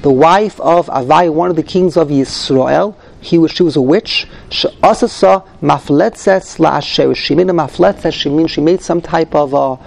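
Gravelly-voiced man teaching a text class. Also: a little high, a little slow, few pauses. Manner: reads Hebrew phrases then translates, thinks aloud.

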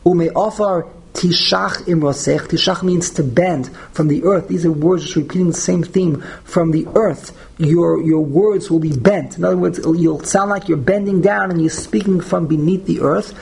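A man's voice: a little high, normal speed, creaky, hardly any pauses, darkish tone. A man teaching a text study class verse by verse, often repeating and restarting his words. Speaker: Torah teacher.

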